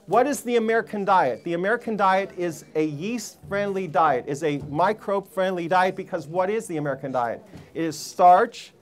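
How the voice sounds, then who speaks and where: A man's voice: sits high, brisk, hardly any pauses. A man giving a live seminar talk to a room full of people, emphatic and preachy, firing rhetorical questions at the audience. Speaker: health seminar speaker.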